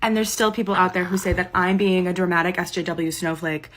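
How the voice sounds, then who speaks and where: A woman speaks earnestly in a played opinion video, leaning on "like" as she talks. Her voice sits a little low for a woman. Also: flat delivery, fairly quick, a bit bright, a little hiss or hum. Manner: earnest, filler-laden "like". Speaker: commenter in a played video clip.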